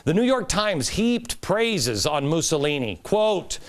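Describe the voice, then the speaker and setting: A man's voice: fairly high pitch, slow pace, hardly any pauses. A middle-aged man hosting a talk show, giving an emphatic political commentary monologue. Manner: animated, emphatic, rising to stress points.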